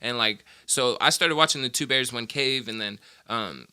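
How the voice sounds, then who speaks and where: A man's voice: mid-range voice, normal speed, sharp tone, clean tone, dry recording, clean studio sound. A young man hosting a casual podcast, telling loose, profane stories packed with "like" and "fucking". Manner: rambling, profane storytelling full of "like". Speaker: podcast host; machinist. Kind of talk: casual chat.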